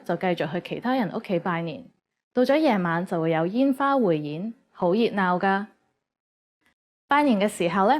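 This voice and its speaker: Woman reading a scripted lesson. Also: medium pitch. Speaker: narrator. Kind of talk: scripted educational narration.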